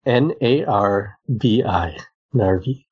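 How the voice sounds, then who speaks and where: A man with a husky, slightly low voice hosts a casual quiz, spelling out each word letter by letter in a slow, unhurried way. The recording is dull and lo-fi, like a modest podcast setup. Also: animated, darkish tone. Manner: spells words out slowly, reads answers. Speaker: quiz host.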